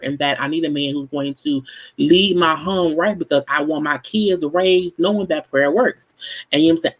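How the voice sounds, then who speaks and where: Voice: medium pitch, low-quality recording. A host giving casual recap commentary on a dating show, blunt, profane and exasperated.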